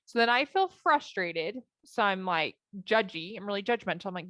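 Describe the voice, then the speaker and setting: A woman life coach speaking in a lively, chatty way and acting out her own inner thoughts as she tells a story. Her pitch sits in a middle range. The sound is close and dry, with almost no room echo. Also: normal speed. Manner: animated, acts out her own thoughts in quotes. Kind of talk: coaching talk with personal story.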